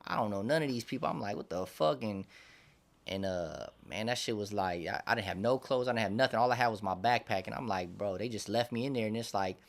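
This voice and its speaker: A man's voice: fairly low pitch, quick pace, gravelly. A young man telling his life story in a casual interview, in loose street slang with lots of restarts and fillers. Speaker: interview guest.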